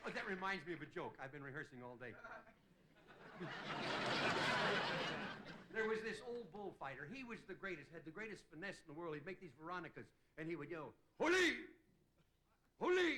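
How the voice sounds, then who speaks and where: A man's voice: sits high, expressive, fast talker. A man telling rambling jokes in a stand-up monologue, chuckling at his own gags, before a studio audience. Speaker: comedian host. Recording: noisy 1960s TV broadcast audio.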